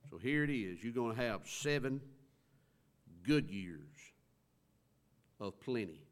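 A man's voice: medium pitch, animated, slow. A man preaching, leading an evening Bible study sermon with earnest, emphatic repetition. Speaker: pastor.

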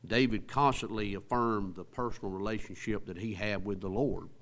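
A man preaching a sermon, reading scripture slowly and often asking the congregation questions. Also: lowish voice, fairly even intonation, fairly bright tone. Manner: reads scripture slowly, rises to emphatic exhortation.

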